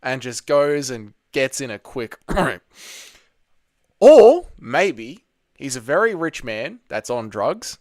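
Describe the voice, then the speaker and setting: A man's voice: mid-range voice, very animated, slow, darkish tone, dry recording, clean studio sound. A young man hosting a casual livestream from home, talking bluntly and crudely and reading viewer comments aloud. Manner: blunt, crude banter, reads chat aloud. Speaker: livestream host.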